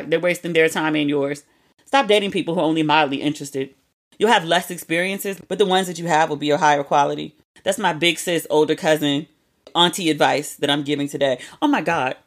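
A woman in her thirties hosting a podcast, chatting casually and telling animated stories with frequent asides. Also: lowish voice. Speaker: podcast host. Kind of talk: casual solo chat.

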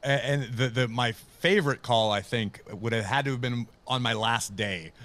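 A man's voice: medium pitch, moderate pace, fairly bright tone. A man in his thirties, a wrestling commentator, telling stories in a casual interview, self-deprecating and acting out the voices of people he quotes.

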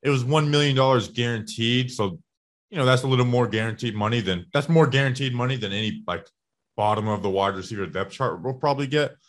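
A man's voice: mid-range voice, fast talker, dry recording. A man co-hosting a sports podcast, chatting casually and rambling through stats with plenty of restarts.

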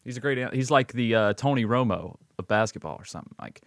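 A man's voice: mid-range voice, animated, fast talker, a bit bright, no room sound, studio quality. A man co-hosting a podcast in casual chat, easygoing, swearing freely and calling his friend bro and dude. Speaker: podcast co-host.

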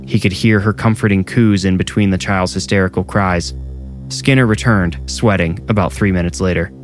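Low-voiced male horror narrator. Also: fairly even intonation, normal speed, faint music behind.

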